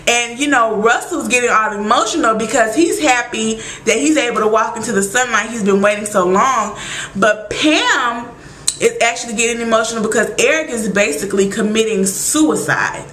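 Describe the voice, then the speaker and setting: A woman recapping a TV episode in casual chat, animated and exclaiming as she acts out her own reactions. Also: a little high, moderate pace, reverberant, rough recording.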